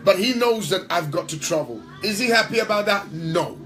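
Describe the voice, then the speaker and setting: A man's voice: sits high, animated, normal speed, pushed and bright, faint music behind, poor audio. A man who is a worship leader and pastor, answering in an interview with emphatic, preacher-like talk and repeating phrases for stress.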